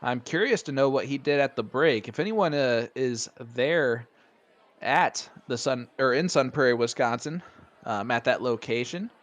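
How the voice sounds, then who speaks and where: Male darts commentator, Hoosier accent, chatty, excitable, laughs easily. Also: mid-range voice, moderate pace. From Indiana. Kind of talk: live sports commentary.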